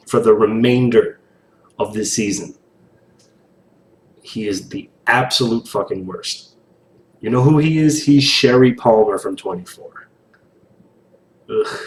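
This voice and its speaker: A young man in casual reaction commentary while painting, animated, rambling and swearing a lot, recorded on a distant mic in an echoey room with faint hiss. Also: lowish voice. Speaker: reaction video host.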